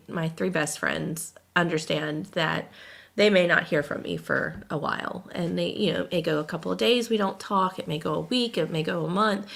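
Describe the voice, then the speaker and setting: A woman's voice: lowish voice, creaky, bright, forceful tone. A woman co-hosting a casual podcast, venting emotionally and holding back tears. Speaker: podcast co-host.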